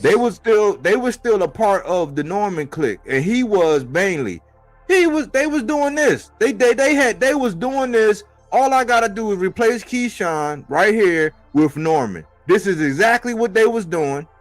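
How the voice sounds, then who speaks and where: An emphatic man with a notably high voice, cohosting a boxing live stream. He curses and repeats himself to press his point. The sound is close and dry, with faint music underneath. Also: sing-song, moderate pace, dry recording. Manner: emphatic, profane, repetitive. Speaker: boxing commentary co-host. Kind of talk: casual live-stream talk.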